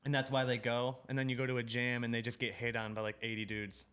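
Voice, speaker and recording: A man's voice: mid-range voice, little pitch movement, quick pace, a bit bright, clean tone. A man in his thirties from Illinois, a guest on a podcast, chatting casually and telling stories with a lot of swearing. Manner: laid-back, swears a lot, tells stories with quoted exchanges. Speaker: podcast guest, pro BMX rider. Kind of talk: casual chat.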